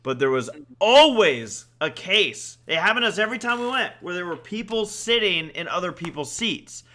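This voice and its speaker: A man's voice: high-pitched, big pitch swings, moderate pace, sharp tone. A man on a podcast telling a rambling anecdote in casual chat. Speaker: podcast host.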